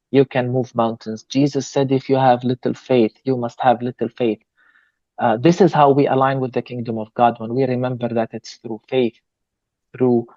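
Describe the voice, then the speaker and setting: A man, a pastor, answering an interview question in a measured, earnest way, pausing with fillers. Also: mid-range voice, mellow, no echo, dull audio. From Palestine. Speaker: pastor and guest.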